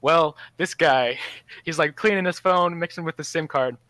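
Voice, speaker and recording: Young southern dude rambling a story over headset, bright voice, laughs a lot. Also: male voice, on the high side, expressive, moderate pace, poor audio. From Southern United States. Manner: rambling, laughs between phrases, lots of fillers. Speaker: team player. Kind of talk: casual storytelling in voice chat.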